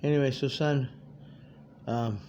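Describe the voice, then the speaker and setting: A man's voice: medium pitch, fairly even intonation, a little slow, dark tone. Rambling streetwise man in his fifties. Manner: digressive, streetwise, profane. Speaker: vlogger addressing viewers. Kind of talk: rambling unscripted monologue. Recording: dull lo-fi audio with faint background noise.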